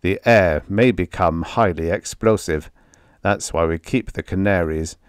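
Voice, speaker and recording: A man voicing a steady, deferential male mine foreman who speaks plainly and respectfully. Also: low voice, unhurried, clear, resonant tone, no echo, studio quality. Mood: matter-of-fact. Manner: plain, respectful, matter-of-fact.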